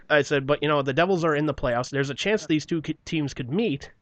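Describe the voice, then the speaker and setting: Here his voice is on the high side and a bit bright, moving at a moderate pace in a dry recording. Chatting on a podcast with a New Jersey accent, he recounts an old job at length, profanity flowing and people mocked in put-on voices, all in dull lo-fi sound.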